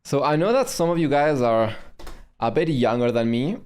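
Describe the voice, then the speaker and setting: German-accented guy streaming, chatting about his own vid, lots of pauses and restarts, mid-pitched voice. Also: lively intonation, darkish tone, a little hiss or hum. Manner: halting, with frequent pauses and restarts. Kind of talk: casual stream commentary.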